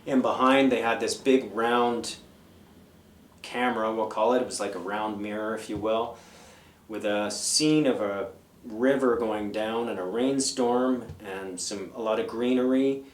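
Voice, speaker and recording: A man's voice: on the low side, a little slow, recorded from a distance. A man in his fifties, a guest in an interview, telling loose, rambling stories and listing old band names. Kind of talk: casual storytelling. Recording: roomy, away from the mic.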